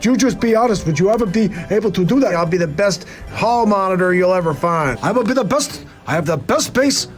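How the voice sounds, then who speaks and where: A man's voice: high-pitched, expressive, brisk, hardly any pauses, soft background music. A man putting on impressions of two older male politicians in a comic debate clip, full of rambling banter.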